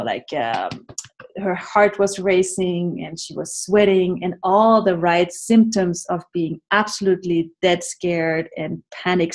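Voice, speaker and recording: Woman workshop leader, unhurried delivery, playful, laughs often, video call. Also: on the low side. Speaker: workshop facilitator. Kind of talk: live online class talk.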